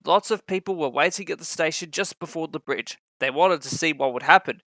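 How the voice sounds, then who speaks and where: A man reading a children's storybook aloud, expressive and acting out every character. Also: fairly high pitch, a little fast, no room sound. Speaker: narrator.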